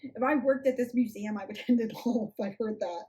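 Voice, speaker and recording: A woman's voice: fairly high pitch, fairly quick, dark tone. A young woman giving a sarcastic, casual rant review of a book, with snarky asides.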